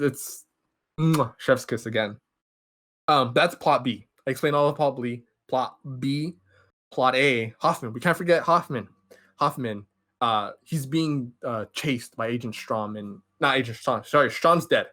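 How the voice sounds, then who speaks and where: A young man hosting a podcast, giving an excited, rambling movie recap and acting out characters' lines. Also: medium pitch. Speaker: podcast host.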